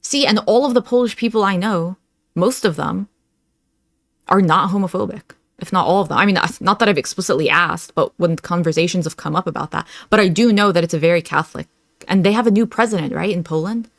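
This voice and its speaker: A woman's voice: on the low side, brisk, creaky, no room sound, studio quality. A woman hosting a reaction video, giving sarcastic commentary and laughing at her own remarks.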